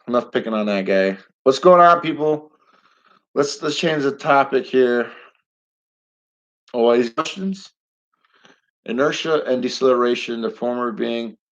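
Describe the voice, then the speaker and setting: A man's voice: medium pitch, measured pace, pauses often, dull audio. Blunt, heated middle-aged man livestreaming. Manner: blunt, rambling and heated, with some swearing. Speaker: live stream host. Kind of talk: casual live-stream monologue.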